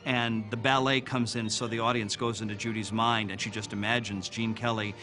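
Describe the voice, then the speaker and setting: Lower-voiced man explaining film history. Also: level tone, a little fast. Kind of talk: documentary interview commentary. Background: music underneath.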